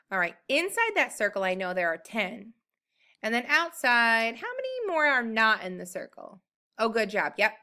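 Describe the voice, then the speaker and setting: A woman teacher giving a recorded math lesson to young children, upbeat and encouraging, speaking slowly and clearly. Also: mid-range voice, pushed and bright.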